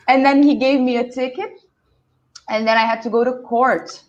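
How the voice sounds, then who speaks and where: A Brazilian woman whose first language is Portuguese, speaking English with a Brazilian accent, telling a lively story on a video call and acting out the voices in it. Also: sits high, unhurried, pauses often, highs cut off. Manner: animated, laughing, acts out quoted voices. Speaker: guest English teacher. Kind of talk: storytelling in a live online panel.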